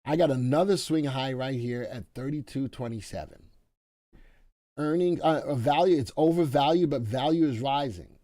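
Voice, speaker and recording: A man's voice: mid-range voice, normal speed, mellow, no room sound, studio quality. Chatty man hosting a live stock stream. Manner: chatty and playful, talks to viewers by name. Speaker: live stock market show host.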